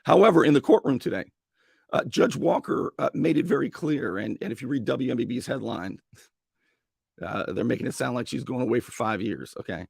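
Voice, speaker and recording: A male talk radio host with a strained, gravelly voice, giving an opinionated monologue and acting out mock dialogue. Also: fairly quick, no room sound, clean studio sound. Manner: animated, acts out mock dialogue with sudden high-pitched bursts. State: strained voice after a long day.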